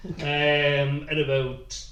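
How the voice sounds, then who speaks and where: Animated thirty-something man telling stories. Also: fairly high pitch, drawn-out words, echoey room, muffled recording. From North East England. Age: 30s. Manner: animated storytelling, acts out rhymes. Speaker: actor guest. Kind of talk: casual chat.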